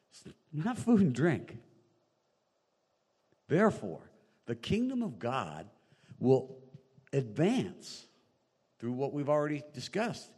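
A man preaching a sermon in a small room, animated and quoting scripture, joking now and then with the congregation. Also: mid-range voice, breathy edge, big-room sound. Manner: animated, rising loud on emphasis, quoting scripture; jokey asides to the congregation. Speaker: pastor. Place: small room with long reverb.

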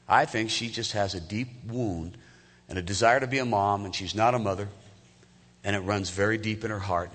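A man's voice: fairly low pitch, a bit bright. A man in his fifties giving a conversational sermon as a pastor, often asking the congregation direct questions. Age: 50s. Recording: echoey hall.

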